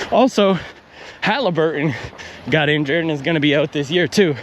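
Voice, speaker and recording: A man's voice: a little high, normal speed, a little hiss or hum. A man vlogging while out on a run, ranting animatedly and working through his pace math aloud. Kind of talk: casual vlog rant while running. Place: outdoors on a run.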